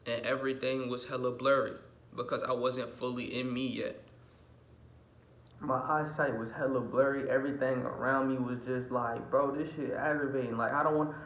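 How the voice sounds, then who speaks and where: A young man vlogging just after waking, his voice rough with morning, rambling in slang with restarts and repeated "you feel me?" asides. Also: medium pitch, sharp tone. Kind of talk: casual rambling monologue. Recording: echoey room.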